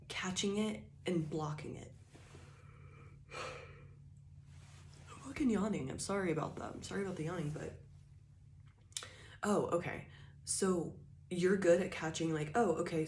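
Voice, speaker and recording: A woman with a low, deep voice talks her way loosely through a spiritual tarot reading. She rambles and fills her sentences with casual filler words. The recording sounds roomy and echoey, with a faint hiss of background noise. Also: a little mellow. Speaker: tarot reader.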